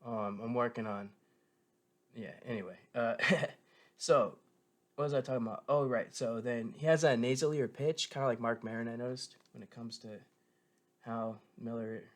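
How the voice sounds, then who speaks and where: A man talks through his thoughts in an easygoing, meandering way, leaning on fillers and restarting his sentences. His pitch sits in the middle range for a man. He sounds like an eager fan chatting straight to his viewers. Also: fairly even intonation, normal speed. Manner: meandering, filler-heavy, frequent self-corrections; enthusiastic fan tone. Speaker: show reviewer. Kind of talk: casual rambling commentary.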